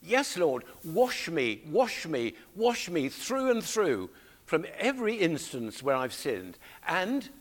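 A man's voice: a little high, heavily acted. A man voicing a repentant king, pleading fervently for mercy in prayer.

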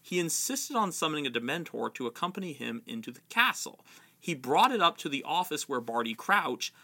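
A man voicing a cold wizard teacher speaking low, read from a novel. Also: very animated, a little fast, exaggerated voice. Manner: low, quiet.

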